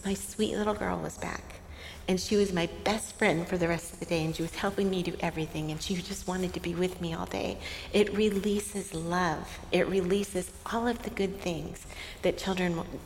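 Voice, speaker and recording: A middle-aged woman with a lowish voice tells a family story on a faith-based talk show. She laughs often and turns soft and hushed when she quotes someone. Her voice carries a long reverb from the room, with a faint hiss underneath.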